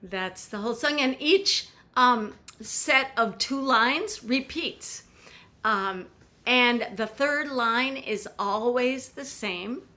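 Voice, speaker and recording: A woman's voice: a little high, sharp tone. A woman song leader teaching a folk song, explaining pronunciation step by step in an upbeat way.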